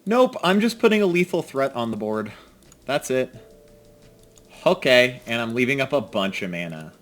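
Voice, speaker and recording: Animated man muttering over a card game. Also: medium pitch, normal speed. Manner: animated, self-mocking, swings between mutters and outbursts. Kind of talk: casual game commentary. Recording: faint music behind.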